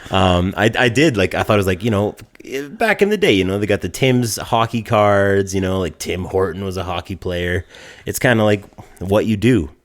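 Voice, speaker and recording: A man with a very low voice chats casually as a podcast co-host. He rants and swears as he tells stories, half laughing at his own grievances. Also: lively intonation, normal speed. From Canada. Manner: profane, ranting storyteller.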